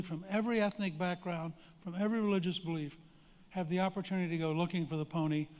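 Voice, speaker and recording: A man's voice: high-pitched, darkish tone. An older man giving a speech to an audience and telling a story in a folksy, emphatic way. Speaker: guest speaker. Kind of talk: public speech with anecdote. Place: large hall. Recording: reverberant hall.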